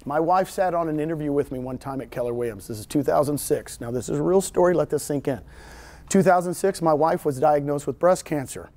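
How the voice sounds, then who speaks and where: Man, middle-aged, Texan accent, high-pitched, storytelling trainer at a live talk. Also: brisk. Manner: animated storyteller, jokes with audience. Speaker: real estate trainer. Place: meeting room with audience.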